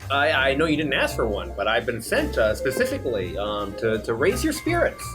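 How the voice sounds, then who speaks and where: A man's voice: mid-range voice, very animated, a little fast, over music. A man playing a tabletop game, talking in a hesitant, stammering way. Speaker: player.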